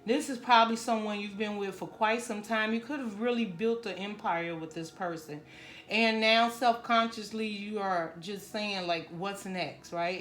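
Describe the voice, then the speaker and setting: A woman's voice: mid-range voice, a bit bright. Earnest woman tarot reader in echoey room. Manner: conversational, earnest, leans on "you know" and "right?". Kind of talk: tarot love reading to camera.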